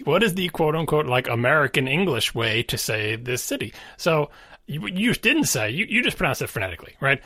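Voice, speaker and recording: A man's voice: fairly high pitch, sharp tone, no echo. A man co-hosting a podcast, chatting casually and explaining with a wry, conversational manner. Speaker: podcast co-host. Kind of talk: casual chat.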